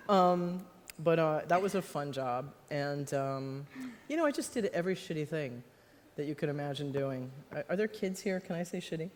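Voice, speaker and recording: A woman's voice: low voice, normal speed, darkish tone. American woman, author guest, chatty and self-mocking, lots of laughter, long hall reverb. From United States. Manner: rambling, laughs often, self-deprecating. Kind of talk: live onstage conversation. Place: stage in a large hall before an audience.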